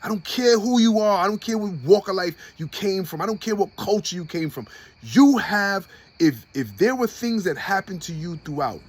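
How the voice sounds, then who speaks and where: A man's voice: expressive, normal speed, husky. Impassioned man hosting a podcast. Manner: impassioned, swinging from low and quiet to loud and high. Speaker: podcast host. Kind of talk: personal podcast monologue.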